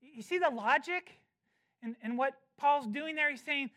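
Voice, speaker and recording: A preacher giving an expository sermon, emphatic, slowing down to stress key phrases and often repeating words while restarting. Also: sits high, pushed and bright.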